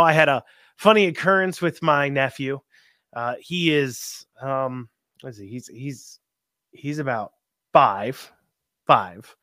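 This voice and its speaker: A man's voice: medium pitch, fairly bright tone, dry recording, studio quality. A man hosting a conservative radio talk show, rambling folksily with many ums and restarts. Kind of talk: casual political talk radio.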